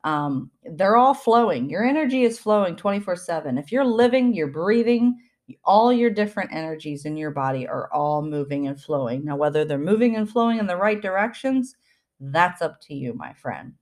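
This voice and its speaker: A woman hosting a spiritual self-help podcast, talking earnestly with many fillers and restarts, and reading out affirmations slowly and deliberately. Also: on the low side, lively intonation, a little mellow. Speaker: podcast host.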